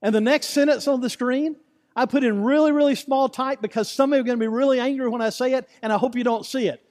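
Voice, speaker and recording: Pastor, male, high-pitched voice, emphatic repeating sermon delivery, long church reverb. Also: fairly even intonation, fast, darkish tone. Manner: repetitive, emphatic preaching with rhetorical questions. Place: church sanctuary.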